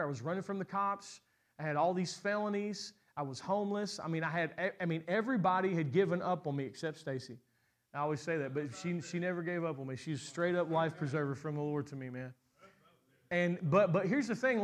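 A middle-aged man preaches a sermon as a pastor, his voice rising to loud, high peaks. When he speaks fast, he often repeats words as he restarts a phrase.

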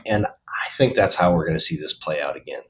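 A man's voice: a bass voice, lively intonation, a little fast, muffled recording. A man being interviewed on a podcast, talking casually and thoughtfully, often restarting phrases as he explains. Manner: thoughtful, restarts phrases, upbeat about the future. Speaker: podcast guest.

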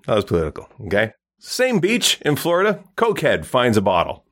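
A man's voice: mid-range voice, huge pitch swings, fairly quick, fairly bright tone. A man hosting a podcast, telling jokes in a casual, rambling way with frequent restarts. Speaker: podcast host.

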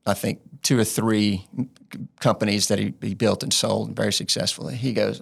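A man with a low voice and a lot of vocal fry talks as an interview guest. He is earnest and a bit rambling, circling his points as he goes. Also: steady tone, normal speed. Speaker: business implementer, guest. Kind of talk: casual interview chat.

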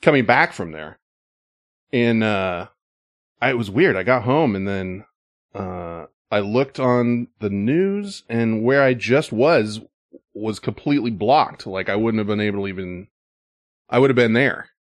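A man hosting a casual group chat show, animated and quick to laugh. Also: on the low side, no room sound. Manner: animated, laughs often, mimics others. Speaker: podcast host.

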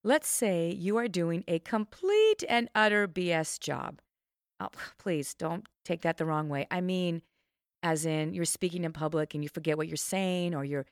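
A middle-aged woman talks through a self-help podcast in an emphatic coaching manner. Her voice sits fairly low, but she swoops up high to punch a point. The recording is dry and close, with no room sound. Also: no room sound. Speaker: podcast host and trainer.

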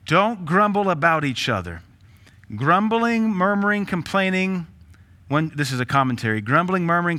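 A man's voice: medium pitch, bright, forceful tone. A man preaching a sermon as pastor, blunt and joking, with rhetorical questions and laughs between points. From Tennessee.

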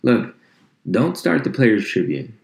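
A man's voice: takes it slowly, vocal fry, echoey room. A man ranting in a comic, profane way, swearing constantly and jumping into mocking voices. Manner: animated, swears constantly, jumps into high mock voices. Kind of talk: profane comedic rant.

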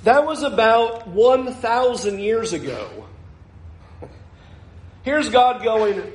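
High-voiced man preaching in an echoey room. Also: lively intonation, takes it slowly, long pauses. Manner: earnest, reflective preaching with light chuckles. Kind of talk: sermon.

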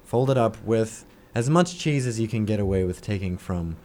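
A man's voice: fairly low pitch, expressive, moderate pace, darkish tone. A young man chatting casually, rambling and joking, often playfully defensive. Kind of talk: casual chat.

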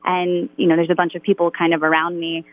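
Over a tinny phone line, a woman who is a Catholic worship musician gives a candid faith testimony as a radio guest. Her voice is on the low side with little pitch movement, she talks fast, and nervous laughter slips in between her phrases.

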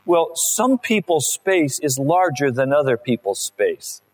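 A man's voice: fairly high pitch, big pitch swings, unhurried, low-quality recording. A male pastor delivering a conversational sermon and acting out little everyday scenes.

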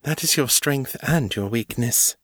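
A man reading aloud and voicing a female vampire mistress who sounds commanding but gentle and purring. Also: mid-range voice, animated, a little slow, slightly rough, dry recording, studio quality, voice pushed up. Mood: sober.

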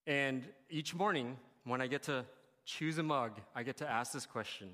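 A man's voice: medium pitch, moderate pace, bright, forceful tone. A man preaching a sermon, telling a personal story in a candid, conversational way that turns emotional. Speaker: pastor. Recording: long hall reverb.

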